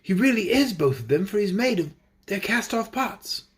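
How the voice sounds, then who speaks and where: Man doing an eager young wanderer, storybook, astonished, higher voice. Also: lively intonation, normal speed.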